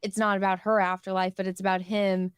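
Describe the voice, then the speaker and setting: A woman's voice: medium pitch, a little fast, clean tone, no room sound, clean studio sound. A young woman who grew up on a ranch, a podcast guest chatting casually and giggling easily. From rural ranch upbringing. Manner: relaxed, chatty, giggles often.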